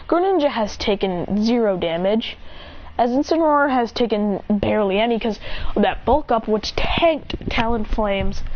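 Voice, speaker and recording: Eager high-voiced woman rambling through a story. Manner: eager, rambling narration strung together with "as he goes". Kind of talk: casual spoken retelling of a battle story. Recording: dull, lo-fi home recording with faint noise.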